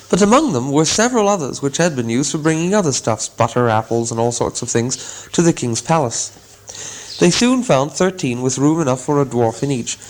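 Man, audiobook narrator, mid-pitched voice, measured, gently wry, storybook reading. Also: rough recording. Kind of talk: scripted narration.

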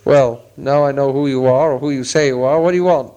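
A man reading a storybook aloud, voicing a huge, gruff, bearded male hermit who growls his words. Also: medium pitch, fairly even intonation, a little fast, dark tone, close to an everyday voice, poor audio.

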